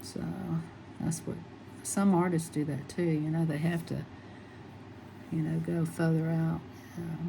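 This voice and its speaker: A woman's voice: low voice, little pitch movement, unhurried, creaky, long pauses, mellow, a little hiss or hum, low-quality recording. A middle-aged woman chatting casually and rambling as she colors, laughing often. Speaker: coloring channel host. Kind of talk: casual chat while coloring.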